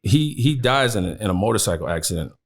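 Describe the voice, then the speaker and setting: Reflective man with a low voice. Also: lively intonation, fast. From Chicago. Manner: reflective, many "you know" fillers. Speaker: podcast guest. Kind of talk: personal storytelling.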